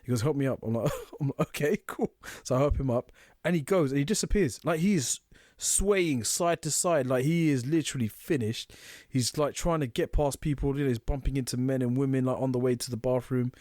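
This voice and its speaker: A man co-hosting a podcast, telling animated stories and laughing often. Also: mid-range voice, a little fast, dry recording, studio quality. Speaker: podcast co-host. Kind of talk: casual chat.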